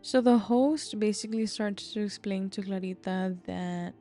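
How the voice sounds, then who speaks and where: A woman's voice: medium pitch, a little slow, dark tone, soft background music. A woman casually narrating a story, chatty, with lots of fillers.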